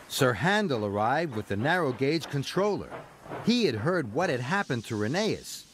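A man narrating a children's storybook in a slow, sing-song reading over music. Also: medium pitch, very animated, slight background noise.

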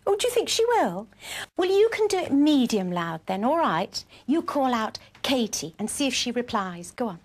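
A woman's voice: on the high side, sing-song, moderate pace. A woman presenting a children's television programme, talking to small children in an encouraging, playful, sing-song teacher's manner. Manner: playful, gently coaxing.

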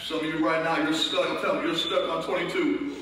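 A man preaching an impassioned sermon, rising to shouts and dropping to hushed asides. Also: on the high side, flat delivery, fast, heavy reverb, big-room sound, distant mic, some chatter behind, low-quality recording. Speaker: pastor. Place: church sanctuary.

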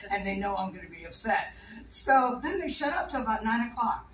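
A woman's voice: medium pitch, animated, moderate pace, a bit bright. A woman giving a casual talk about keeping birds, chatty and rambling, laughing often. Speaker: bird keeper giving a talk. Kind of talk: casual talk to a small audience. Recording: echoey room, distant mic, faint noise.

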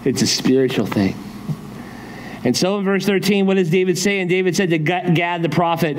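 Animated casual man preaching a sermon. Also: unhurried, a little hiss or hum. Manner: lively, acts out quotes with shifting pitch, chatty asides. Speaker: pastor. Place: church sanctuary.

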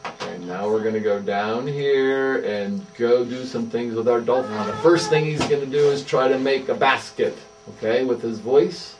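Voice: medium pitch, normal speed. A speech therapist coaching a young child through voice exercises, with encouraging, sing-song praise. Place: indoor therapy room. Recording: distant mic with faint mains hum.

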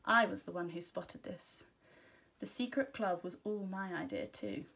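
A woman teacher reading a children's storybook aloud, giving gentle, expressive first-person narration. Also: on the low side, a little slow, vocal fry.

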